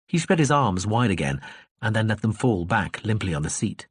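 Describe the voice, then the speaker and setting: A man narrating an audiobook in a calm storytelling manner. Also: on the low side, normal speed, husky, no room sound, studio quality. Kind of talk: scripted narration.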